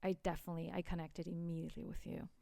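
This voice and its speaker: A woman from Iceland co-hosting a podcast, chatting casually and telling a lively, laughing story with acted-out quotes. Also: on the low side, rapid-fire, creaky, no room sound. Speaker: podcast co-host. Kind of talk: casual chat.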